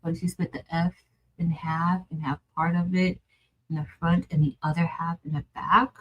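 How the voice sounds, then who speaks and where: A woman's voice: lowish voice, little pitch movement, moderate pace, muffled recording, a little hiss or hum. A woman hosting a crafting livestream, chatting casually and muttering to herself as she works, with frequent laughs. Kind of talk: casual think-aloud crafting stream.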